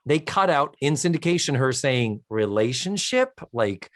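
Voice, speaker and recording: A man co-hosting a podcast, retelling a sitcom episode with animated storytelling, acting out its lines and swearing for comic effect. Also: mid-range voice, measured pace, no room sound, clean studio sound. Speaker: podcast co-host. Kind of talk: casual recap chat.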